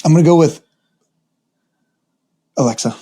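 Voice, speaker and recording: A man co-hosting a gaming podcast, easygoing and quick to laugh in casual chat. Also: on the high side, dark tone, breathy edge. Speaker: podcast co-host.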